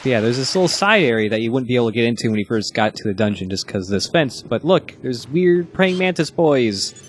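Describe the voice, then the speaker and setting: A man's voice: medium pitch, very animated, a little fast, slight background noise. A man giving casual, rambling commentary while playing a video game. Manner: chatty, rambling with many fillers. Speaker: let's play commentator. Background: game music.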